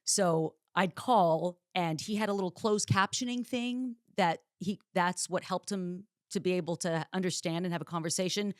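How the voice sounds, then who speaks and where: Woman podcast host, lowish voice, dry close sound, chatty and candid, casual storytelling. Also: normal speed, few pauses, dry recording. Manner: candid and chatty, with dark jokes.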